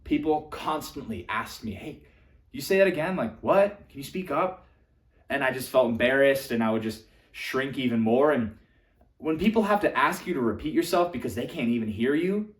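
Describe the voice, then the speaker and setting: A young man coaching on social skills, animated and casual, swinging between loud emphatic bursts and quiet asides, now and then swearing for emphasis. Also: mid-range voice. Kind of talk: energetic coaching monologue to camera. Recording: echoey room.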